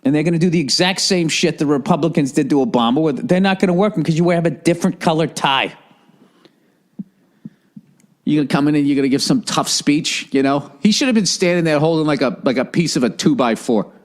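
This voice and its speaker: A man in his forties hosting a podcast, ranting in a profane, sarcastic, animated comedic style. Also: fairly high pitch, a little fast. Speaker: podcast host. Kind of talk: comedic rant.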